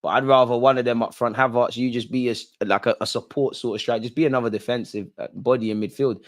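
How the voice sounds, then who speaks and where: A young man hosting a football watch-along, reacting live to the match in a slangy, excitable way and pleading with the players. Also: medium pitch, quick pace. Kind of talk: live reactive commentary to viewers.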